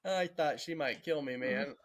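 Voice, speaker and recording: A man's voice: a little high, big pitch swings, slow. A man, a podcast co-host telling stories casually, laughing through them and swearing freely. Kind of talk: casual storytelling.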